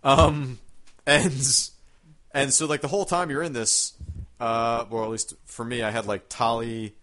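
A man in relaxed conversation about a video game, talking at a middle pitch. He rambles and restarts, fills gaps with "like" and "um", and swears freely when he gets excited. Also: measured pace. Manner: rambling, lots of fillers and swearing, laughs at his own stories. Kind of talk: casual gaming chat.

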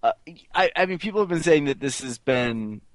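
A man's voice: on the high side, lively intonation, moderate pace, no echo. A man in casual gaming chat who teases and jokes and asks his partner questions. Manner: joking, teasing, asks questions.

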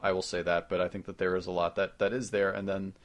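A man co-hosting a casual gaming podcast, talking loosely with plenty of swearing and quick interjections. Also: sits low, little pitch movement. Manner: loose, profane, quick to jump in. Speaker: podcast co-host.

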